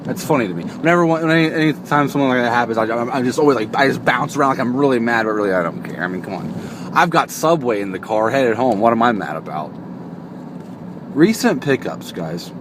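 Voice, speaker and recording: A young man chats to his viewers while he drives, rambling, joking and breaking off mid-sentence. His voice sits at a middle pitch. He talks into a phone stuck to the car window, with steady road noise inside the car behind him. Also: fairly quick. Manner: rambling, joking, self-interrupting. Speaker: vlogger. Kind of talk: casual chat to camera.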